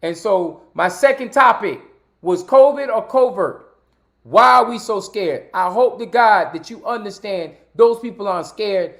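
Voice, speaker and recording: A man hosting his own live-streamed talk show, speaking in a preachy, repetitive way and pleading with his viewers. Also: sits high. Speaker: livestream show host. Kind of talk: live-streamed commentary monologue.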